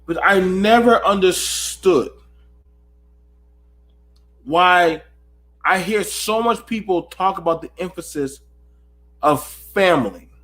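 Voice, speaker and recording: Man, late-night host, high voice, preaching rhetorical questions at his audience. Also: slow pace, pauses often, a bit bright. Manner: preachy, rhetorical, talks to viewers. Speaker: channel host.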